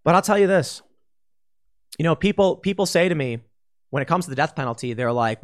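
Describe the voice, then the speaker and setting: A man delivering a political commentary monologue with a slightly raised pitch. He argues bluntly and casually, now and then slipping into mocking voices to make his point. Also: fairly quick, long pauses. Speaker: host.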